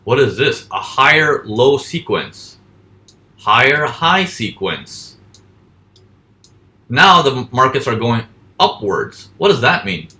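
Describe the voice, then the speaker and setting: Over trading charts, a man gives a relaxed forex lesson in a very animated, bright and forceful voice of medium pitch. He asks himself questions, then answers them, and mimics panicking traders with rapid little voices.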